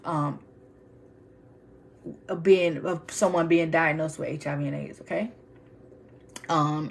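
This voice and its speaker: A woman's voice: fairly low pitch, vocal fry. A woman hosting a casual livestream, talking emphatically and addressing viewers by name. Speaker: livestream host.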